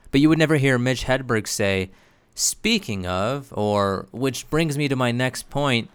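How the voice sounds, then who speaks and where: A man narrates a video essay in a measured, explanatory way. His voice is low and smooth. The recording is dry, with no room sound. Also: no echo. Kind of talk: scripted narration.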